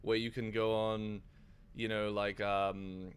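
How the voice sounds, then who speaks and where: Halting man chatting casually. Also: lowish voice, little pitch movement, clear, resonant tone. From United Kingdom. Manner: halting, many restarts, casual swearing. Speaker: guest, former streaming platform engineer. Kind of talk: casual live-stream interview chat.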